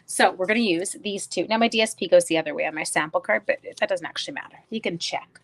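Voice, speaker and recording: Talking fast in a lowish voice, a middle-aged woman hosts a casual card-making livestream. She calls out viewers by name, makes self-deprecating remarks, and tells rambling stories as she crafts.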